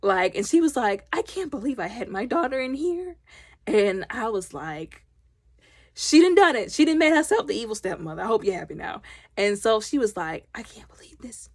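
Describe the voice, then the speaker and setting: A woman recapping a film loudly and animatedly, acting out the characters' lines. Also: medium pitch, sing-song, brisk, dry recording, clean studio sound. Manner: loud. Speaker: movie reviewer. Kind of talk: casual movie recap.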